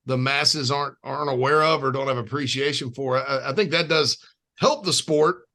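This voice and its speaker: A man from the American South hosting a podcast, talking casually in long, rambling sentences. His voice is bright and forward, with a sharp edge. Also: mid-range voice, normal speed. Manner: rambling, with many restarts and fillers. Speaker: podcast host.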